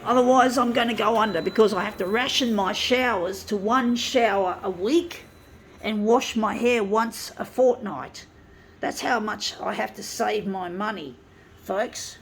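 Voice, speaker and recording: A woman's voice: medium pitch, measured pace, slight background noise. A woman ranting angrily to her viewers, swearing and repeatedly calling them "folks.". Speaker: vlogger. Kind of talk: ranting monologue to camera.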